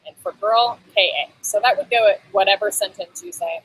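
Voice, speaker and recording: A woman's voice: medium pitch, a little fast, fairly bright tone, slightly rough, rough recording. A woman hosting a casual on-camera lesson on basic phrases, chatty, with frequent ums and laughs between phrases. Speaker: host teaching basic Thai phrases. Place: Bangkok.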